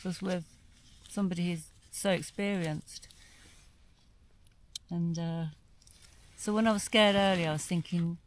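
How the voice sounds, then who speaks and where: Camping alone in winter, a South East London woman talks to her camera from within a small tent, thinking out loud as she goes. Her lowish voice stays steady and unhurried, she pauses often, and there's slight background noise.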